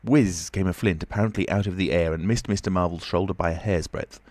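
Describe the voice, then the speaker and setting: A man narrating an audiobook of a classic novel in a measured, even reading. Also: sits low, no room sound. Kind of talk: scripted narration.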